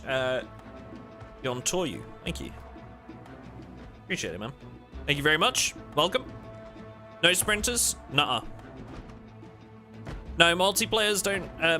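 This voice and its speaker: Bright-voiced man streaming a game. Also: a little high, lively intonation, a little slow, pauses often, faint music behind. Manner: jokey, thanks viewers while playing. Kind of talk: casual livestream chat while gaming.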